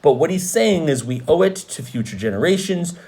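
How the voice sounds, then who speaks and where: A man's voice: on the high side, expressive, a little fast, a little mellow. A man teaching a history lesson, talking in a conversational, emphatic way with frequent asides. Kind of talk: lecture.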